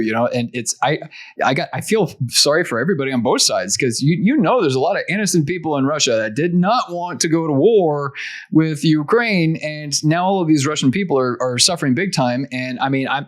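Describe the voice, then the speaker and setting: A man co-hosting a casual marketing talk show, conversational and repeating words as he thinks aloud. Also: mid-range voice. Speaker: podcast co-host. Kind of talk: casual chat.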